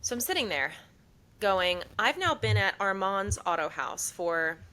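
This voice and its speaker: A woman's voice: mid-range voice, sing-song, unhurried, bright, forceful tone, low-quality recording. A young woman co-hosting a podcast, telling a long story in casual chat and acting out the people she quotes. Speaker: podcast co-host.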